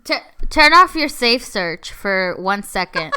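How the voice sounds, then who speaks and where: A woman's voice: mid-range voice, big pitch swings, slow pace, bright, forceful tone, clear, resonant tone. A woman co-hosting a comedy podcast in casual chat, giggling often. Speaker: podcast co-host.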